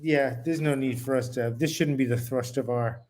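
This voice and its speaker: A man co-hosting a boxing chat show, laid-back and quick to laugh as he argues back. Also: mid-range voice, fairly even intonation, darkish tone, a little hiss or hum. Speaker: podcast co-host.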